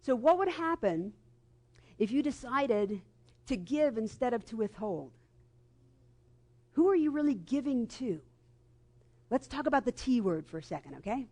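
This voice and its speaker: Lively, higher-voiced woman preaching. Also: normal speed, long pauses. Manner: lively and conversational, acts out quoted voices. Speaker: guest minister. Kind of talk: sermon with storytelling. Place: church sanctuary before a congregation. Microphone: live microphone.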